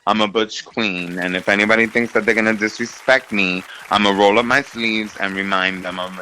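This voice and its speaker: A man's voice: on the low side, normal speed, hardly any pauses, slight background noise, poor audio. Campy New man telling stories. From New York City. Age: middle-aged. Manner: campy and animated, with lots of "honey" and "darling". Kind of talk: casual chat.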